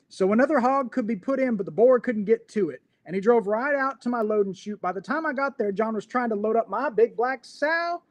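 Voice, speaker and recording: A man's voice: on the high side, a little mellow, husky, heavily acted. A man reading a poem in the voice of a folksy rural pig farmer, with a drawling country twang.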